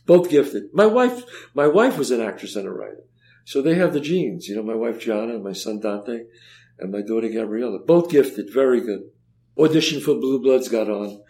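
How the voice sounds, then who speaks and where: An older man telling stories in a conversational interview, acting out the dialogue as he goes and often repeating words. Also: medium pitch. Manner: animated storyteller, acts out dialogue, repeats words. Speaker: guest.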